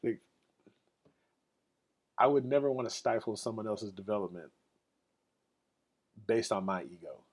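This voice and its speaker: A man's voice: fairly low pitch, expressive, a little slow, pauses often, slightly rough. A man hosting his own podcast alone, talking casually in a loose, rambling and profane way with lots of "like" fillers. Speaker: podcast host. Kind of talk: casual solo podcast talk.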